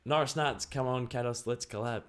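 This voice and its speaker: Excited Australian man streaming live. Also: medium pitch, moderate pace, clean tone. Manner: excited and chatty, reads out viewer messages. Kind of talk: casual live stream chat.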